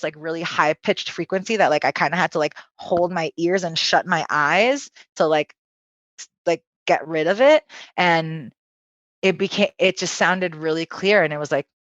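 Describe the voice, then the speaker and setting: Woman guest spilling a story, swears a lot, lowish voice, dull lo-fi dry sound. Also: no room sound. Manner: animated, profane storyteller who acts out quotes. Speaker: podcast guest, spiritual healer. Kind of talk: personal storytelling in conversation.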